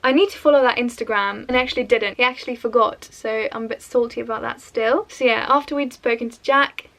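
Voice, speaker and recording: A woman's voice: on the high side, a bit bright. A young woman from Sweden, a native Swedish speaker, telling a story as a chatty, gushing vlogger. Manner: chatty, gushing, quoting others in quick bursts. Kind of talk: storytelling vlog voice-over.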